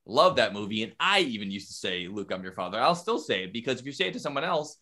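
Bright-voiced man chatting casually. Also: mid-range voice, fast talker. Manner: animated, profane storytelling that acts out quotes. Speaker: podcast host. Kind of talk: casual chat.

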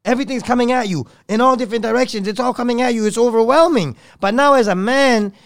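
A man's voice: very high-pitched, fast talker, creaky, fairly bright tone, dry recording, studio quality. A man speaking as a podcast guest, rambling through an emotional story, swearing often, his voice swelling and dropping with feeling.

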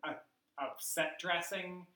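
A man's voice: high voice, fairly even intonation, takes it slowly, pushed and bright, roomy sound, rough recording. A man guesting on a casual movie podcast, talking in a hesitant, thoughtful way. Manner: hesitant, thoughtful, many fillers.

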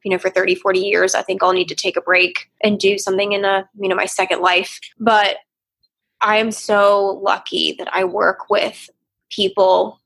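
A woman's voice: medium pitch, level tone, normal speed, creaky, a bit bright, breathy edge. A young woman, a therapist, speaking earnestly and reflectively in a candid interview. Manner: earnest, reflective, sometimes emotional. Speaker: therapist guest.

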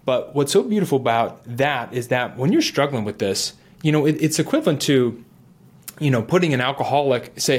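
A middle-aged man earnestly telling his own recovery story in a talk, animated and acting out his inner voice. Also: mid-range voice, fairly quick. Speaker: guest sharing recovery story. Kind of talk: earnest personal testimony.

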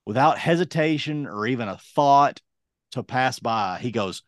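A man's voice: medium pitch, normal speed, no echo, studio quality. A man in his late thirties telling a long story on a podcast, acting out what everyone said. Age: late 30s. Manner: animated, acts out quoted dialogue. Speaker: podcast host. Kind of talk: casual storytelling.

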